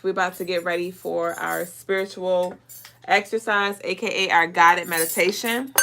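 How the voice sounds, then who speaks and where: A woman's voice: mid-range voice, noisy background. A woman hosting a spiritual live stream, talking straight to her viewers in a laid-back way and leading a guided meditation.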